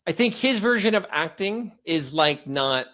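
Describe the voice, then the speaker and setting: A hoarse man co-hosting a podcast, chatting casually and joking around. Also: on the high side, a little slow. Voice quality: animated, joking. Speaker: podcast co-host. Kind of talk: casual chat.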